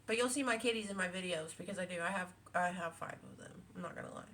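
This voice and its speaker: Chatty woman, bright voice. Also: fairly low pitch, fast. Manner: rambling, chatty, many fillers and restarts. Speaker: quilting vlogger. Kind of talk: casual chat. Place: home with cats.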